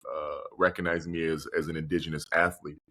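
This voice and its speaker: Deep-voiced earnest man, guest speaker. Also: flat delivery, fast talker, sharp tone. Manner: earnest and reflective. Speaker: podcast guest, motivational speaker. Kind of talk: conversational interview.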